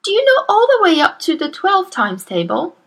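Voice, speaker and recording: Woman reading as a gentle schoolteacher. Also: very high voice, wildly swooping pitch, voice pushed up, heavily acted. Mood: encouraging. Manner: encouraging, measured. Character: kind young woman schoolteacher, gentle but astonished. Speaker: teacher. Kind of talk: storybook reading.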